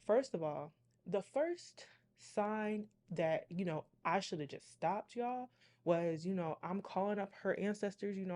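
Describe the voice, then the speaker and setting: A woman's voice: mid-range voice, darkish tone. A young woman who reads tarot, telling a story to her viewers in a chatty, dramatic way. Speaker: tarot reader and channel host. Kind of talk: casual storytime.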